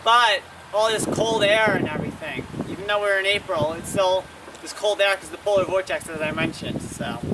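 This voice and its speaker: A man's voice: high voice, steady tone, moderate pace. A man giving a casual, rambling weather vlog outdoors, often correcting himself. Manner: rambling, self-correcting, trying foreign words. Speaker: weather vlogger. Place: outdoors in wind. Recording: distant windy outdoor recording.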